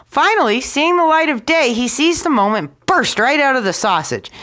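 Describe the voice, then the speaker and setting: A woman with a fairly high voice reading a fairy tale aloud as a storyteller. Her reading is expressive and animated, with pitch that rises and falls as the story moves along.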